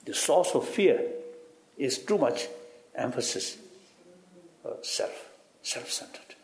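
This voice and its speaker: A man giving halting, reflective interview answers in broken English, often repeating "you see" and chuckling. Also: mid-range voice, animated, gravelly, echoey room. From Tibet. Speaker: interviewee, spiritual teacher.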